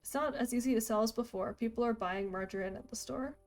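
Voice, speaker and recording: A woman's voice: on the high side, fast, a little mellow, soft background music, close to an everyday voice. A woman reading a friendly young male farmhand's lines aloud in rhyme, in her own voice. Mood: easygoing. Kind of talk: reading a video game's dialogue aloud.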